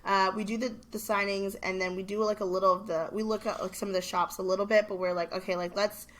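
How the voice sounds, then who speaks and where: A young woman chats on her podcast, telling a long story loosely and filling her pauses with "um" and "like". Her voice sits at a middling pitch, relaxed and unhurried. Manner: chatty storytelling with many fillers. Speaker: podcast co-host. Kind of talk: casual chat.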